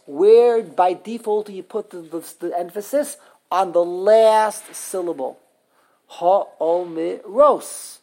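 A woman's voice: on the low side, mellow. A woman teaching an interactive scripture grammar class, emphatic, often restarting and repeating words. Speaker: religious studies teacher.

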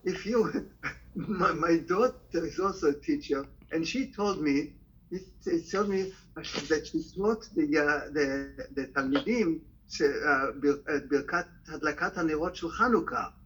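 Halting older man. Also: fairly high pitch, a bit bright, rough recording. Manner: halting, repeats words, switches languages. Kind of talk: casual conversation.

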